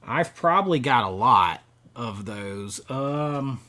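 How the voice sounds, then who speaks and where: A middle-aged man with a bright, forward voice at an ordinary pitch hosts a live stream. He talks in a loose, rambling way, restarting sentences and chuckling often as he answers viewer comments. His delivery stays casual and chatty. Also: lively intonation, takes it slowly.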